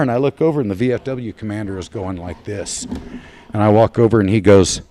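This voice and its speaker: A man from the United States, a podcast guest, telling a long story with big swings between loud and soft. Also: on the low side, fairly quick.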